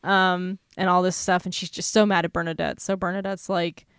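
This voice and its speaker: A young woman co-hosting a casual book podcast, animated and exasperated, laughing often and talking with lots of fillers. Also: lowish voice, brisk, clean tone, no echo, clean studio sound. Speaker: podcast co-host. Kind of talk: casual book-club chat.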